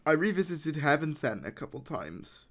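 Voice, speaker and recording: A man's voice: fairly high pitch, sing-song, normal speed, a bit bright. Guy rambling on a podcast, lots of ums and likes, laughs a lot. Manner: rambling, laughs often, many fillers. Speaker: podcast host. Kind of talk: casual chat.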